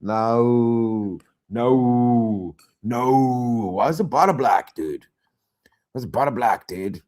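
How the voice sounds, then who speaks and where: A man streaming reaction commentary, exasperated and loud, repeating himself and swearing often. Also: medium pitch, slow pace.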